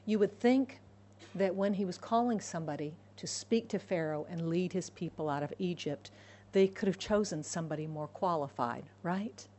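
A woman preaching a sermon to a congregation, animated, acting out voices of God and Moses. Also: on the low side.

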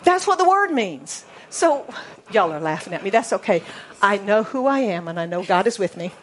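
An American woman preaches a sermon playfully, spelling words out letter by letter and dropping to a hush for emphasis. Her medium-pitched voice swings widely in pitch at a normal speed.

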